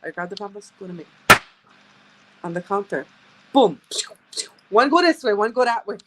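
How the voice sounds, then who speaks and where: A woman's voice: medium pitch, lively intonation, moderate pace. A woman chatting casually with viewers as a sales rep, telling stories and laughing often. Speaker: direct sales rep hosting a live stream.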